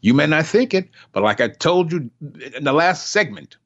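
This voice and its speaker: A man's voice: a little high, sing-song, moderate pace. An older man preaching an impassioned sermon, emphatic and repetitive, acting out the voices he quotes. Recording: dull lo-fi recording.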